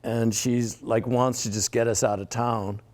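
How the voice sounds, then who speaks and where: A man's voice: medium pitch, steady tone, measured pace, a little mellow. An older man telling a long personal story in a rambling conversational way, repeating words and laughing often. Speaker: interviewee.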